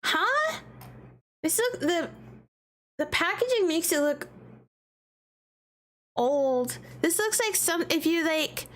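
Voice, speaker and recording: A woman's voice: very high voice, lively intonation, takes it slowly, pauses often, fairly bright tone. A woman from the American South chatting casually on a live stream, giggly and rambling.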